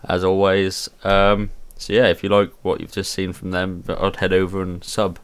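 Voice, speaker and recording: A man's voice: low voice, monotone, normal speed, clean tone. A man hosting a reaction video, talking casually with laid-back, chuckling asides.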